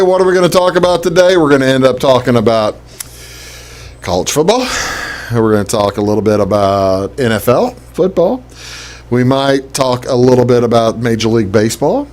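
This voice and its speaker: Chatty rambling male talk show host. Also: mid-range voice. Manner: chatty, rambling with many fillers and restarts. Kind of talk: casual local talk show.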